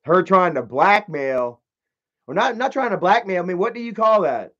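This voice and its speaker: A man's voice: sits high, expressive, normal speed, a bit bright, dull audio. A man telling a story in a casual, profane, rambling rant, often repeating himself. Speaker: channel host.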